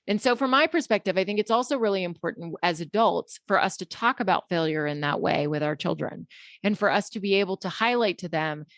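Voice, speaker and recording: Middle-aged woman w/ a gravelly low voice, chatty candid storyteller, dry close sound. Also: dry recording. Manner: candid, conversational, many fillers. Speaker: psychologist guest. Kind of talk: casual storytelling in an interview.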